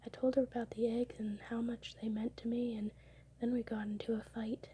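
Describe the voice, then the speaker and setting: An ASMR creator whispers close to the mic at home late at night, softly recounting her dreams and occasionally breaking into laughter. Her voice is fairly high, husky and brisk, with a flat delivery.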